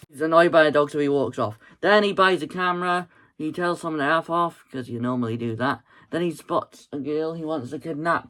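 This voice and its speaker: A man's voice: on the high side, fairly bright tone. A man casually recapping a film plot in a rambling, chatty way, full of fillers and laughs. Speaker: movie reviewer.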